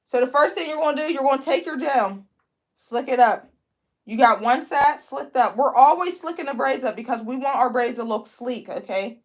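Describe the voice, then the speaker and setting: A woman's voice: high-pitched, normal speed. A young woman from Pennsylvania with a Pennsylvania accent, chatting with viewers as she teaches braiding on a livestream. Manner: chatty, talks to viewers as "y'all". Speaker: braiding instructor hosting a livestream. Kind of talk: live tutorial with chat reading.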